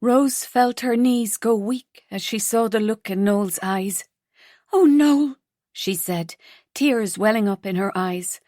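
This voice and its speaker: Woman reading a novel aloud, steady and measured, dead dry sound. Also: mid-range voice, no echo. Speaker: audiobook narrator. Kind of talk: scripted narration.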